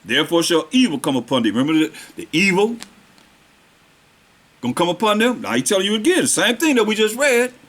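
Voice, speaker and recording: A man preaching from scripture with a voice that rises and falls widely, sitting a bit above the usual male range. He reads verses in slow, deliberate old-style phrasing and then puts them in plain street talk. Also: high-pitched, sing-song, a bit bright. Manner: slows down to stress the verses. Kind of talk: scripture teaching.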